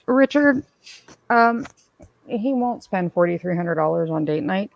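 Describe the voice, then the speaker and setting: A woman's voice: lowish voice, animated, measured pace, vocal fry, muffled recording. A woman hosting a casual livestream, rambling and calling out viewers by name as she reads their comments. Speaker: streamer host reading chat.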